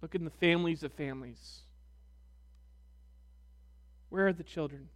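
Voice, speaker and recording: A man preaching a sermon as pastor, reading scripture with deliberate emphasis. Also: fairly high pitch. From United States.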